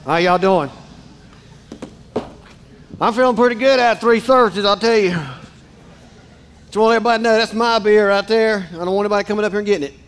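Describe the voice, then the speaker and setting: Folksy pastor, high voice. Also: male voice, a little fast, long pauses, clean tone. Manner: joking, folksy, talks straight to the congregation. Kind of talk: casual conversational sermon. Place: church sanctuary.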